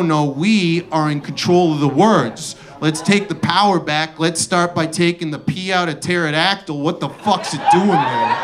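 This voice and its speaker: A male comedian doing a profane, incredulous stand-up rant on a club stage, breaking into shouted outbursts. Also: a little high. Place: comedy club stage before a live audience. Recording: live club audience laughing. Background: audience laughter.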